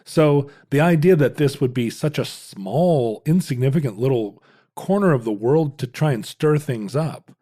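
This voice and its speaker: A man's voice: medium pitch, animated, normal speed, warm tone. A man co-hosting a casual podcast, throwing in dry jokes and musing asides. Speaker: podcast co-host.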